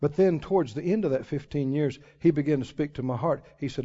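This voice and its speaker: A man preaching a sermon as pastor, folksy and emphatic, with sudden loud swells and drawn-out words. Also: fairly high pitch. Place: church sanctuary. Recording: muffled recording in a reverberant church hall.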